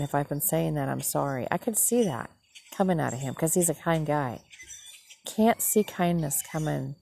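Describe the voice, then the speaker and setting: Woman host, low raspy voice, outspoken casual ranter. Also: a little mellow, slight background noise. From Northern United States. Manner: frank, indignant, swears freely. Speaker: podcast host. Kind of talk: casual ranting monologue.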